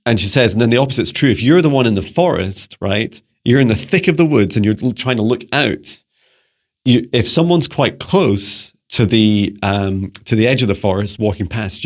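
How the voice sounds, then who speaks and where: A man from Scotland, a psychic mentor, answering viewer questions in a rambling casual monologue full of restarts. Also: lowish voice. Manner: rambling, many restarts and fillers; playful beeping noises.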